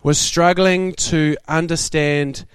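A young man preaching a sermon, telling stories in a lively way and laughing often. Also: fairly high pitch, slow, clear, resonant tone, no echo. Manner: animated, laughing storyteller. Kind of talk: sermon storytelling.

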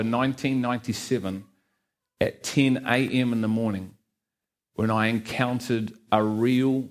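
A middle-aged man with a softened Liverpool accent, giving his personal testimony to a church congregation in an earnest, conversational way, with many fillers and a light joke now and then. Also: lowish voice. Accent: Liverpool (Scouse), softened by New Zealand. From Liverpool, England. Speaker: guest speaker giving testimony. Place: church hall with a live congregation.

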